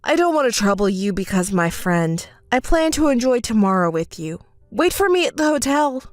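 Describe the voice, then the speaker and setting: A woman's voice: a little high, big pitch swings, normal speed, no echo, studio quality, faint music behind. Style: text story voice acting. Figure: a woman playing an evasive young husband, stammering. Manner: stammering, placating. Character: young adult male husband, evasive and apologetic.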